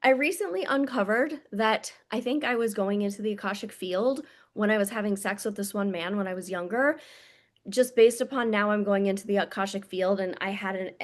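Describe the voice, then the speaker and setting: A woman speaking as a spiritual coach in a casual monologue to camera, blunt and intimate, swearing freely and calling her listeners "my loves". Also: mid-range voice.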